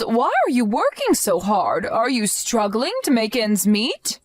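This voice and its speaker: A woman's voice: medium pitch, very animated, a little slow, few pauses, no echo. A woman voicing a protective, stern grandmother who demands answers and scolds firmly in a dramatized story. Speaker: narrator and grandmother.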